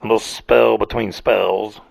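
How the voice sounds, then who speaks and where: A man's voice: on the low side, steady tone, measured pace, vocal fry, dry recording. A man hosting a casual morning rant show, rambling and profane. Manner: rambling, profane, self-mocking. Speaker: podcast host.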